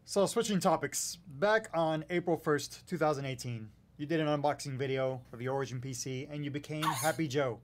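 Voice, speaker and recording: A man's voice: a little high, fairly quick, few pauses. A man hosting a casual livestream interview, asking questions and reacting briefly. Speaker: host.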